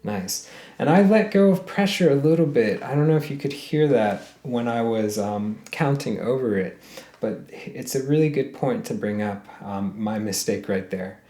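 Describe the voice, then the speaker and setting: This dark-toned man, medium in pitch and animated, talks at normal speed as he teaches ukulele in a friendly, step-by-step way. He hums the melody, counts beats aloud, and calls his viewers "guys." The room echoes, and a ukulele plays.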